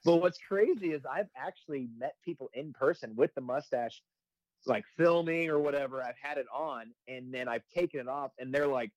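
A man in his twenties, a firefighter and comedy video creator, chatting casually and breaking into loud quoted voices as he tells stories. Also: mid-range voice, moderate pace, no echo, low-quality recording. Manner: animated storytelling, jumps into loud quoted voices. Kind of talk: casual podcast chat.

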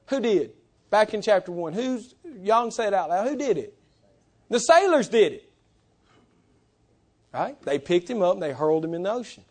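A male pastor preaching a sermon in church, swinging between loud emphasis and hushed, low passages. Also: animated, normal speed.

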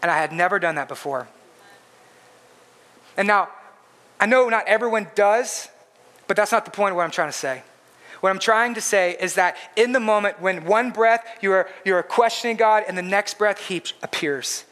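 A man's voice: high voice, normal speed, fairly bright tone. A man preaching a sermon in an earnest, emphatic way, repeating his points for stress. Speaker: pastor.

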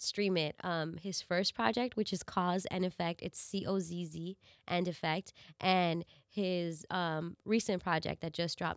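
A woman's voice: fairly low pitch, clean tone, dry recording, clean studio sound. A woman hosting her podcast with a cold, her voice nasal and congested, talking candidly and casually with some swearing. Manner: candid, profane, chatty. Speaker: podcast host and radio DJ. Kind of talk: casual solo podcast talk.

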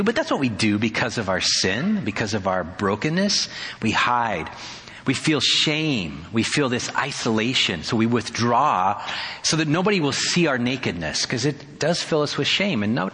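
A man preaching a sermon as pastor, conversational and animated with wry humor. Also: mid-range voice. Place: church sanctuary. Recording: hall reverb.

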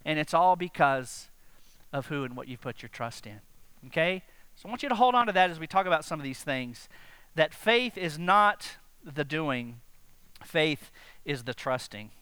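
A man preaching a sermon to his congregation, animated and direct, often asking them questions. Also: on the high side, moderate pace, clear, resonant tone, no room sound. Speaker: pastor.

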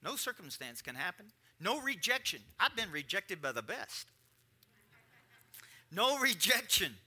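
A man preaching a conversational sermon, repeating lines and swinging between quiet and emphatic delivery. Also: sits high, big pitch swings, measured pace, husky. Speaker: pastor.

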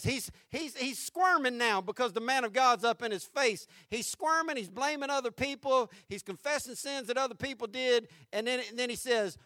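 A male pastor preaching a sermon with fervor, going from hushed tones to shouting and repeating his points. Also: very high-pitched, normal speed, hardly any pauses, no echo, studio quality. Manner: fervent preaching, swinging from hushed to shouting, with repetition.

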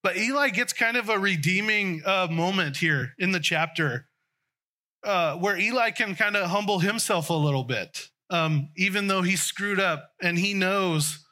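A man's voice: sits high, a little slow, sharp tone. A man preaching a conversational sermon, often restarting and trailing off mid-sentence.

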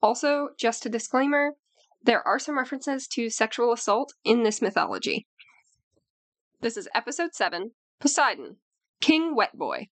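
A woman's voice: a little high, animated, moderate pace, no room sound. A woman co-hosting a casual podcast chat, blunt and dry, swearing freely. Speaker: podcast co-host.

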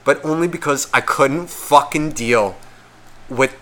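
Man, podcast co-host, bright forceful voice, casual rant, swears constantly, mimics other people. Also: medium pitch, a little slow. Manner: heavy swearing, rambling and exasperated; acts out the voices of people in his stories.

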